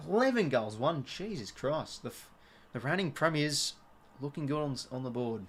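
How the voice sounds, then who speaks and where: An excitable young Australian man giving live fan commentary on a football match, chatty with viewers and prone to shouting and swearing at big moments. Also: a little high, moderate pace, slightly rough. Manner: chatty asides and thanks to viewers. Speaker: watch-along commentator.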